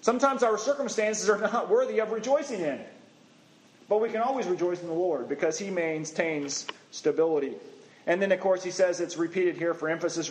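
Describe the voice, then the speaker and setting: A man preaching a sermon in a conversational, halting way, rising in pitch when he stresses a point. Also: echoey room, rough recording.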